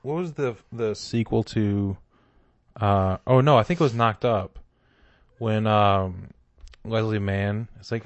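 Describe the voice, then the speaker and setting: A man with a lowish voice co-hosting a comedy podcast, riffing with sarcastic energy. The sound is dry and close to the mic, with no room in it. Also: unhurried, dry recording. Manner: sarcastic, animated storyteller. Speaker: podcast co-host. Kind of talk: casual comedy chat.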